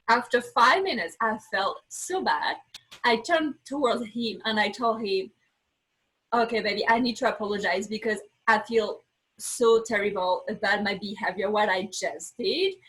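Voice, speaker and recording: A woman guest on a podcast telling a candid personal story, animated and acting out her own words, speaking English as a second language with small slips. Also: fairly high pitch, husky, rough recording.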